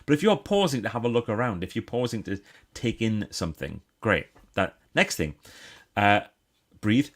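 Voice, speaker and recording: Man, northeast English accent, lowish voice, casual live-stream host, chatty, bursts of excitement. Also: normal speed. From northeast England. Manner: chatty, breaks into excited exclamations.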